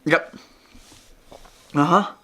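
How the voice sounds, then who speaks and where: A man's voice: extremely slow, fairly bright tone. A young man with a Northern Irish accent, chatting casually in a vlog, swearing often and calling the viewer mate. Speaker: fitness vlogger. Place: outdoors after the gym, then at home.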